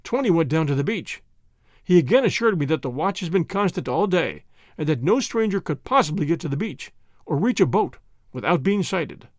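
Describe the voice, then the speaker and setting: A man's voice: on the high side, very animated, a little fast, no echo, clean studio sound. A man voicing a deferential male secretary who stammers and reports eagerly to his superior. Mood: reporting.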